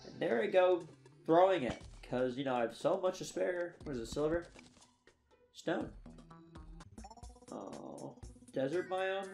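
A man's voice: a little high, unhurried, vocal fry, pauses often, darkish tone, soft background music. A tired young man giving casual, self-mocking commentary on his own gameplay, talking to himself as he plays. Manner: chatty, self-mocking, talks to himself while playing. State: tired and yawning. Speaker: let's play gamer.

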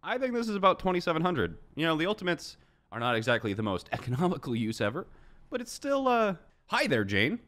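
A man's voice: on the high side, quick pace. A man giving casual, joking commentary on gameplay clips as a streamer guessing ranks. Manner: joking, animated, sarcastic.

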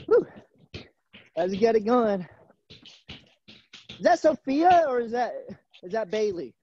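Extremely high in pitch, very animated yet slow, his voice is warm and husky, though the audio is dull. He's in a gym coaching a live virtual gymnastics class through a video-call camera mic, calling the kids by nickname as he cheers them on.

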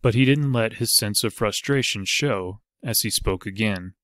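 A man reading an adventure novel aloud as narrator, in a steady, measured storytelling manner. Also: on the low side, dry recording, studio quality. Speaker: audiobook narrator. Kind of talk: scripted narration.

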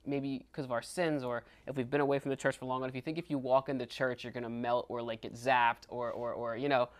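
A man in a casual church retreat discussion, talking in an animated, rambling way full of fillers and restarts. His voice sits at an ordinary middle pitch. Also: quick pace. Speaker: retreat co-presenter.

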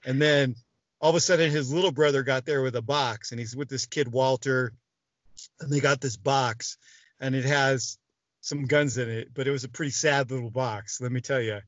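A man's voice: mid-range voice, moderate pace, no room sound. Man telling a story, dry lo-fi sound. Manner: animated, restarts often, swears freely. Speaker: guest. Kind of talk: casual storytelling.

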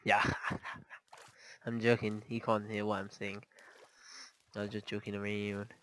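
A man giving casual, chatty commentary over his gameplay, easily startled and quick to panic. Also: lowish voice, completely flat delivery, rough recording. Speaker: gaming channel host.

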